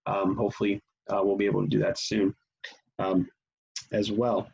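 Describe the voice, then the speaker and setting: A man teaching a church class on grief in a conversational manner, often pausing with fillers and restarting his sentences. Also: on the low side, flat delivery, gravelly, a little mellow, slightly rough. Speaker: pastor. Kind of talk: teaching session. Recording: dull lo-fi sound.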